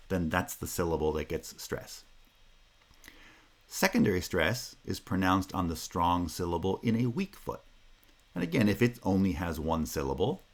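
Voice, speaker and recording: Man, very low pitch, lecture, patient, methodical, occasional "uh" fillers. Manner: patient, methodical, repeats key terms; occasional filler "uh" and checking "Right?". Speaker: linguistics lecturer. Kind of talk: recorded lecture explaining slides.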